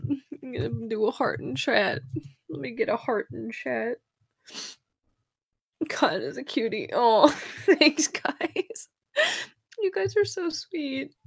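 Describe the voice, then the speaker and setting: A woman's voice: sits high, vocal fry, slightly rough, no echo, studio quality. A woman from Canada on a livestream, giggling and tearful as she reads chat messages aloud. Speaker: streaming guest.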